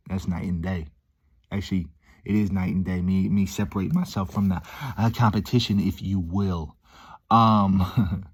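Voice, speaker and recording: A man's voice: lowish voice, darkish tone. A man talking casually to his viewers in a rambling, upbeat way, full of "dude", "um" and restarts. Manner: many "um"s and restarts. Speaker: vlogger. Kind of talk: casual monologue to camera.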